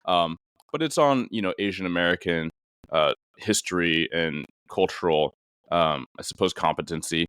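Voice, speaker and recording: Low, smooth-voiced man hosting a talk. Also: moderate pace, fairly bright tone, dry recording, clean studio sound. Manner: thoughtful, rambling with many fillers. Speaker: podcast host and police officer. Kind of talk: casual interview conversation.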